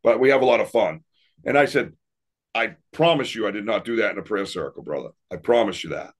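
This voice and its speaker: A man with a lowish voice tells his paranormal stories in a loose, rambling way. He laughs often and restarts his sentences as he goes. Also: a little fast. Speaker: paranormal investigator and podcast guest. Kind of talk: casual interview storytelling.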